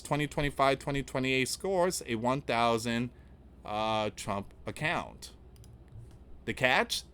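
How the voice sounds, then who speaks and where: A man's voice: mid-range voice, a bit bright. A man hosting an online news channel, talking casually to viewers in a rambling, repetitive way. He reads news items aloud and reacts with rhetorical questions. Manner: rambling, repetitive, often restarting with "again" and "guys". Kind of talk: casual political commentary to viewers.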